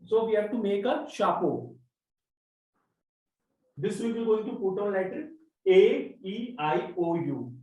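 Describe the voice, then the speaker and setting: A man's voice: high-pitched, expressive, measured pace, pauses often, dark tone. A man teaching a class, explaining step by step and spelling out letters one at a time. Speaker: French teacher. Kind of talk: classroom lesson. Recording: roomy echo, mic at a distance.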